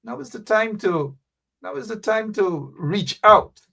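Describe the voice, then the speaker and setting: A man's voice: high voice, unhurried, creaky. A man hosting live political talk radio, reading out viewer comments and urging listeners with repeated phrases. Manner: animated, preachy, calls out names, repeats phrases for emphasis. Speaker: radio show host.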